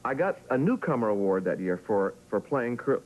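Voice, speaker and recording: A man's voice: medium pitch, very animated, fairly quick, a little mellow. A man in his forties from Massachusetts, a guest on a late-night talk show, telling self-deprecating stories in a joking way. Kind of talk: chatty talk show anecdotes. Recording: dull old TV broadcast, faint hiss.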